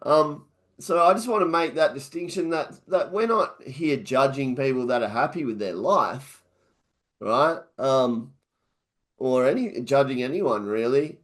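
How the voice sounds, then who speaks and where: A man's voice: medium pitch, animated, unhurried. A man hosting a casual interview, speaking loosely and hesitantly with lots of "like" and "right". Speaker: interview host.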